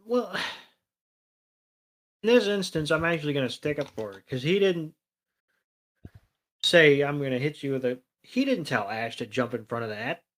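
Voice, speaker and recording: A man's voice: on the high side, expressive, a little slow, long pauses, a bit bright. A man co-hosting a podcast, retelling a cartoon episode with sarcasm and heavy swearing. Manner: profane, sarcastic retelling with mock voices. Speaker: podcast co-host. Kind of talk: casual episode recap.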